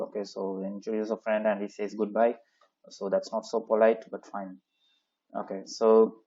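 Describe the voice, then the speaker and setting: A man's voice: fairly low pitch, darkish tone. A man teaching a French textbook lesson, explaining in with many "okay, so" fillers and reading French phrases aloud. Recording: dull lo-fi sound.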